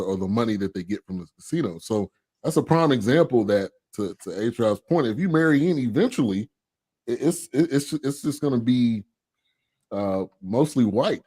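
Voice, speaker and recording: A man co-hosting a movie review podcast, speaking in a relaxed, hesitant way with restarts. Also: on the low side. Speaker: podcast co-host. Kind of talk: casual movie review chat.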